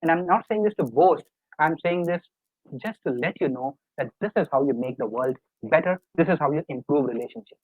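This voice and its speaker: Middle-aged man, high voice, life coach pleading and repeating to an online class, recorded on a dry, phone-thin call. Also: lively intonation, brisk, breathy edge, no echo, narrow, tinny audio. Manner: earnest, repetitive, coaxing the audience. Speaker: life coach presenting a webinar. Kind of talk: live webinar lecture.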